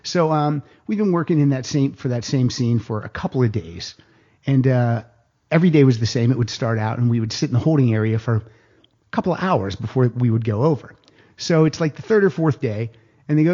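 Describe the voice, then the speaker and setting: A middle-aged man telling a long story in a casual podcast chat, animated and acting out other people's lines. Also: mid-range voice, fairly quick. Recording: dull lo-fi podcast audio.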